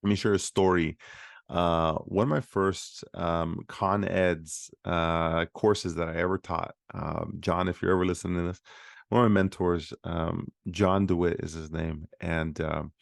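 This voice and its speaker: A man's voice: low-pitched, little pitch movement, unhurried, vocal fry, no echo, clean studio sound. A man hosting a solo podcast for physical therapists, talking in a conversational, motivational way with frequent fillers. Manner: conversational, many fillers and restarts.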